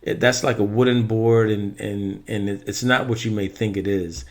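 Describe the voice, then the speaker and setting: A man's voice: fairly low pitch, fairly even intonation, moderate pace. A man casually giving his opinions on Halloween animatronics in a rambling vlog, correcting himself as he goes. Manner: chatty, rambling with self-corrections. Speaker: Halloween prop reviewer.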